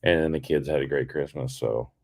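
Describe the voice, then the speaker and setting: A man's voice: rumbling low, fairly quick. A man in his thirties co-hosting a podcast over a call, chatting casually with easygoing restarts. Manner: relaxed, rambling with restarts. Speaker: podcast co-host. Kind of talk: casual chat.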